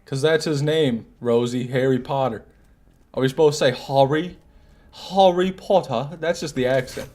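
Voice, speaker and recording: A man's voice: mid-range voice, fairly even intonation, moderate pace, a little mellow. A man streaming a game live, teasing and bantering with his chat. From United States. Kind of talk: live gameplay commentary.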